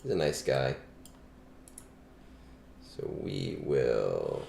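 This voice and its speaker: Very deep-voiced man in echoey room. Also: a little slow, a little hiss or hum. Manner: relaxed, chatty, frequent ums. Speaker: streamer giving game advice. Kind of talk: casual live-stream chat. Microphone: budget starter microphone. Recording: echoey room, cheap mic.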